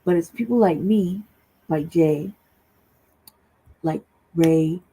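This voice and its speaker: Joining a livestream talk show over a remote call, a woman speaks slowly in a low, mellow, gravelly and husky voice. She's casual, heated, blunt and profane, tagging her points with "right?", and the audio quality is poor.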